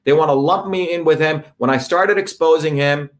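A man's voice: fairly high pitch, moderate pace. A man giving an impassioned political talk to a live audience, emphatic and repetitive, building his points with lists. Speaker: speaker addressing a live audience.

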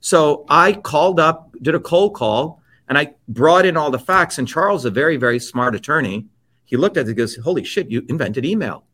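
50s guy from india, interview guest, swears a lot, pushy and emphatic, voice a bit on the high side. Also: expressive, moderate pace, sharp tone. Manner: emphatic, blunt and profane. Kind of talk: impassioned personal storytelling.

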